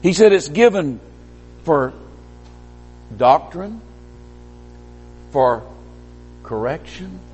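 In a church hall, a man delivers a sermon in a slightly husky voice that climbs to emphatic peaks and sinks low and quiet. His delivery is sing-song and extremely slow with frequent pauses, and a long reverb trails each word.

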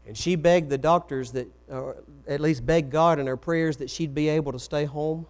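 A man's voice: a little high, fairly even intonation, normal speed, clear, resonant tone. A man preaching a sermon, telling stories and acting out the quoted voices. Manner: storytelling, acts out quoted voices.

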